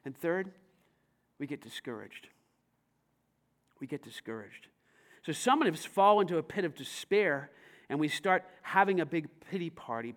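Male pastor, very high-pitched, dynamic sermon delivery with big swings in volume. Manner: dynamic preaching, swings from hushed to shouting.

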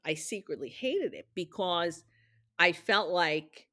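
Middle-aged woman guest, low-pitched and chatty, dry close recording. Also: expressive, slow, a bit bright, no room sound. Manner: chatty, acts out quoted dialogue in her anecdotes. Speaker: interview guest, studio executive. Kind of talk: casual storytelling interview.

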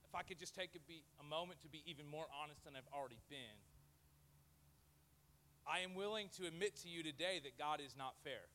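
Male pastor, high bright voice, lively joking sermon delivery. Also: a little fast. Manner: lively and jokey, acts out quoted voices. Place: church before a live audience.

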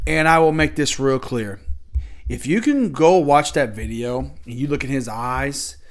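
A man hosting a casual solo podcast, talking in a heated, profane, rambling way. He keeps circling back and restarting his sentences as he works himself up, at an ordinary mid pitch. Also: animated, unhurried. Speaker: podcast host.

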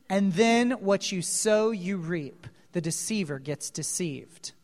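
Man preaching, lively storyteller, quizzes the audience, speaks slowly; large echoing hall. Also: sits high. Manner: animated storyteller, asks the audience questions. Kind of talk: sermon retelling a Bible story. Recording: long reverb of a large hall.

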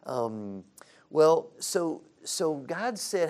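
A man leads an interactive Bible lesson for parents in a church classroom. His pitch moves a lot as he asks questions and picks up the answers from the group. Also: lively intonation, moderate pace. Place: church classroom with a live audience.

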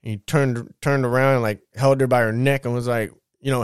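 Man from Southern California, casual rambling storyteller, smooth clear voice, mid pitch, dry close mic. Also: steady tone, fairly quick, no room sound. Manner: rambling, loose slang with many fillers. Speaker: podcast host telling his life story.

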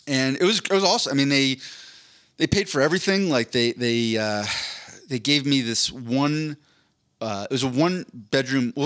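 A man in his thirties co-hosts a podcast, wandering casually through a long story packed with asides. His voice sits in the mid-range with a fairly bright tone, and the talk is relaxed chat.

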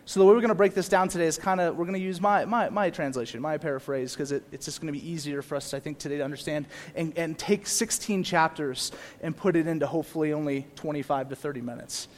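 Animated young preacher with a high voice. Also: male voice, quick pace. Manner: animated preaching, swings from quiet asides to loud emphatic repeats. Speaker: pastor. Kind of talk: sermon.

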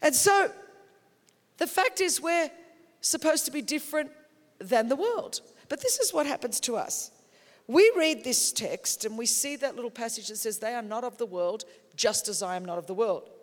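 A man preaching a sermon to pastors, emphatic, slowing and rising for key phrases, putting on voices for comic asides. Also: extremely high pitch. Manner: puts on calm God voice and panicked church voice. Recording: long hall reverb.

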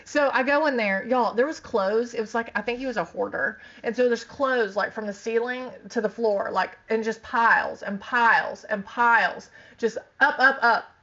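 Bright-voiced woman telling a wild story. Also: a little high, normal speed, hardly any pauses. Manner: animated, laughing, frequent "like", acts out quotes. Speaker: podcast co-host telling a story. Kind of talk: casual storytelling chat. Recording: dull lo-fi sound.

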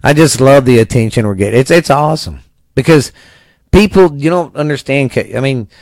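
A man's voice: medium pitch, expressive, a little fast, darkish tone, dry recording, studio quality. A man from Texas hosting a casual family podcast, easygoing and rambling, cursing now and then. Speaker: podcast host.

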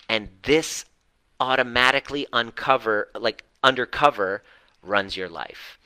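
A man's voice: fairly low pitch, takes it slowly, pushed and bright, clear, resonant tone, no room sound. A man hosting a coaching talk for his community, speaking earnestly and emphatically. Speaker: coach and host.

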